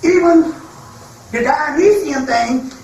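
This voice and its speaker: A man giving a freewheeling spiritual lecture, emphatic and profane, with mocking asides and quick put-on quotes. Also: very high voice, background noise. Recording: echoey hall, far from mic.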